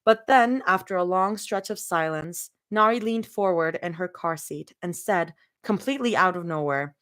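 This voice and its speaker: A woman's voice: lowish voice, moderate pace, hardly any pauses, fairly bright tone. A woman cold-reading fanfiction live, breaking off into giggly, chatty asides. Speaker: fanfiction reader.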